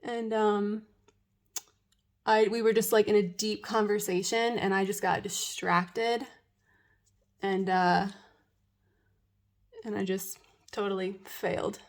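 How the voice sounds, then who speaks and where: A woman's voice: medium pitch, fairly even intonation, slow, pauses often. A young woman, a waxing professional, giving a casual tutorial in a chatty, nervous way, laughing often. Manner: drops to a whisper while waxing herself.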